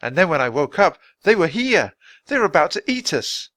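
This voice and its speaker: A man doing a brave young boy yelling fiercely in a storybook. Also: fairly high pitch, big pitch swings, normal speed, dry recording, pitched above the performer's own voice. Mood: urgent. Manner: shouting, urgent.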